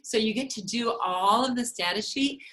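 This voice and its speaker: A woman speech therapist teaching preschoolers, talking in a sing-song, drawn-out way and clapping out syllables. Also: on the high side, background noise. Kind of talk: slow, sing-song teaching to young children.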